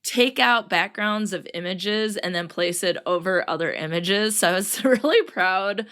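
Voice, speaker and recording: A woman's voice: mid-range voice, measured pace, fairly bright tone. A woman hosting her own podcast in a chatty solo talk, worn out and very tired, laughing often as she talks. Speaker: podcast host. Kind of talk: casual solo podcast chat.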